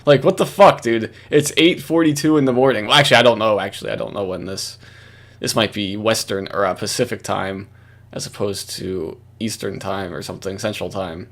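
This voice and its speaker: A man's voice: on the low side, brisk, a bit bright. A man hosting reaction commentary, ranting in a profane, exasperated way. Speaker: commentary host.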